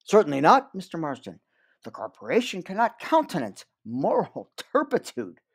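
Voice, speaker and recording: A man's voice: high-pitched, wildly swooping pitch, normal speed, slightly rough, voice pushed up, full character voice. A man reading aloud, voicing a stiff male company agent who speaks in clipped, formal phrases. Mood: curt.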